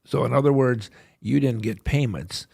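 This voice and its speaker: A man's voice: medium pitch, normal speed, gravelly, darkish tone, slightly rough, no echo, clean studio sound. A man hosting a podcast interview, asking the guest direct, probing questions. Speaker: podcast host.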